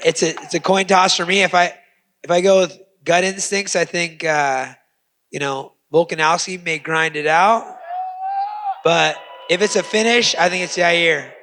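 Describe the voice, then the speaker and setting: A man's voice: fairly high pitch, normal speed, pushed and bright, a little hiss or hum. A man answering on a fighters' panel, enthusiastic and loose, with filler words.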